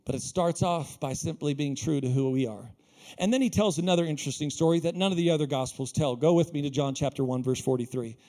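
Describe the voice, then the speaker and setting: A man with a high-pitched voice preaches a sermon in a small church. He is animated and jokey, and he acts out the lines he quotes. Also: quick pace. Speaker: pastor.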